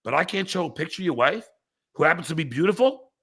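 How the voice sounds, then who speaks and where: Brief: male podcast host, furious profane livestream rant, gravelly, bright edge, voice swings wide. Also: fairly high pitch, expressive, fast. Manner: angry, profane, bursts into shouting; reads viewer chats aloud with mocking replies. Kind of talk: livestream rant at chat commenters.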